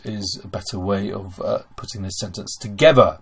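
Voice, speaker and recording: A man teaching German grammar in a screen-recorded lesson, explaining step by step and calling his viewers ladies and gentlemen. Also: on the low side, steady tone, normal speed, creaky, few pauses, breathy edge.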